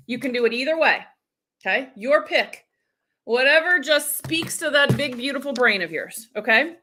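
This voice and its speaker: A woman's voice: a little high, bright, forceful tone. A woman coach running a live-streamed workshop, upbeat, talking straight to viewers and reading out their comments. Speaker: business coach.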